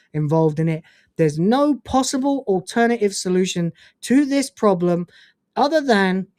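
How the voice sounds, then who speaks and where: A man's voice: sits high, darkish tone, no room sound, studio quality. A man hosting a casual livestream, ranting in a profane, incredulous way and reading out donations. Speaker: livestream host.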